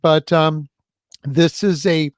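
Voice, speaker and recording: A man hosting an event, talking in a rambling and halting way as he introduces the final reader. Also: fairly high pitch, fairly even intonation, no room sound. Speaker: event host.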